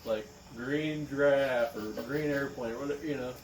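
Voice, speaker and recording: A man's voice: medium pitch, steady tone, moderate pace, echoey room, recorded from a distance, slight background noise, rough recording. A man co-hosting a podcast in a laid-back, casual way, often chiming in with short agreements. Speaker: podcast co-host. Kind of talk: casual chat.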